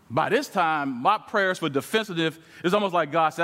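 A man preaching as a guest speaker, telling a story in a lively way and acting out the conversation as he goes. His voice sits high for a man. The sound rings with long reverb, as in a large church sanctuary. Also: brisk. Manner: animated, acts out quoted dialogue with shifting pitch. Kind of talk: sermon storytelling.

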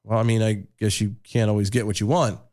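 A man's voice: on the low side, flat delivery, fast, darkish tone. A man co-hosting a casual political podcast, talking in a sarcastic way and reading quotes aloud with mock gravity. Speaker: podcast co-host.

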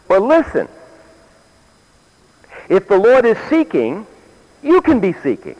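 Lively older man preaching. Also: high-pitched, slow pace, long pauses, lo-fi sound. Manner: asks the audience questions, repeats phrases. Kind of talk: sermon. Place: meeting hall.

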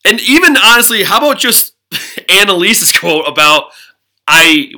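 A man co-hosts a relaxed podcast chat. His voice is very bright and a touch high. He recaps with easy laughter. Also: unhurried. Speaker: podcast co-host. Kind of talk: casual chat.

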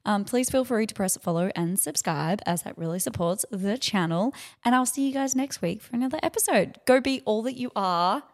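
Young adult woman, podcast host, energetic, loud, animated, mid-range voice. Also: medium pitch, a little fast, few pauses. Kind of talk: solo motivational podcast talk.

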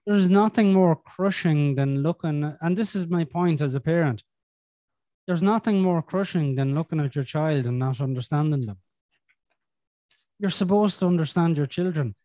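A man's voice: on the high side, moderate pace, warm tone, dry recording. Sweary, blunt man. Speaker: podcast host. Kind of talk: casual conversation.

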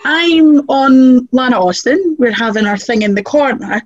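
Woman, high and very animated storyteller, slightly muffled dry recording. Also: a little slow, no echo. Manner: lively, acts out quotes with big pitch jumps. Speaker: wrestler guest.

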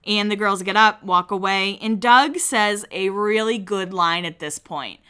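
Bright, chatty woman recapping drama. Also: a little slow, smooth. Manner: chatty and candid, swears freely, acts out quotes with jumps in pitch. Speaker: podcast host recapping a reality show. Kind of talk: casual recap chat.

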